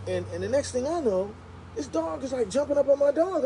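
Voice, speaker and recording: Chatty man telling stories, mellow voice. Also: very high voice, fairly quick, a little hiss or hum, rough recording. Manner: chatty, animated storyteller. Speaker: live streamer. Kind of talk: casual storytelling on a livestream.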